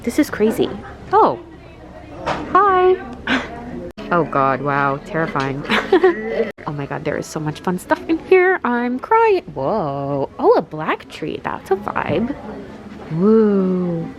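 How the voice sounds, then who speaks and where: A young woman vlogging in a gushing, excitable way, gasping and exclaiming as she chats. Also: lowish voice, takes it slowly, crowd noise. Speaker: lifestyle vlogger. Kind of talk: casual vlog chat.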